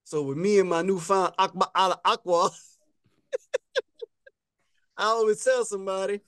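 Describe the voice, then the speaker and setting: A man's voice: high voice, normal speed, long pauses, fairly bright tone, smooth, no echo, studio quality. A man co-hosting a podcast, casually telling a story and acting out the back-and-forth he quotes. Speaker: podcast co-host.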